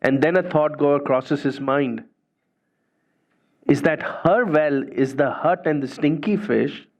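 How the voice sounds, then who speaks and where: A man's voice: fairly high pitch, slow pace. A man giving a spiritual talk, telling a story in a conversational way and often tagging phrases with "you know" and "right". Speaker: spiritual speaker. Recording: dull lo-fi recording.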